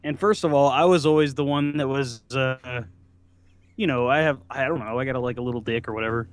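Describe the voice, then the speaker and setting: A man's voice: medium pitch, fairly quick, clear, resonant tone, no room sound. A man co-hosting a podcast, rambling through crude, joking anecdotes in casual banter. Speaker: podcast co-host.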